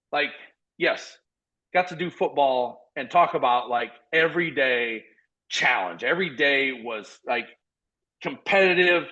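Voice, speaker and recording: A man in his forties from South Dakota, a podcast guest telling stories in an energetic, earnest, rambling way full of restarts. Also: on the high side, dull audio. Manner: earnest, motivational. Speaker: podcast guest, former college football walk-on. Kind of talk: casual conversational storytelling.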